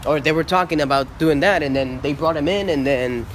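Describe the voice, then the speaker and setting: A man talks through a casual vlog with an excitable, rambling delivery full of ums and restarts. His voice sits a touch high for a man. Faint outdoor noise hums behind him. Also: brisk. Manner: excitable, rambling with many fillers. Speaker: vlogger. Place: outdoors and in a car around shops.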